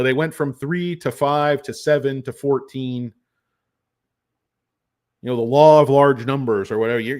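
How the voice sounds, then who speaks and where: Rambling man talking stocks. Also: mid-range voice. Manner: rambling, profane, digressive. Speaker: stock vlogger. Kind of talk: casual stock commentary.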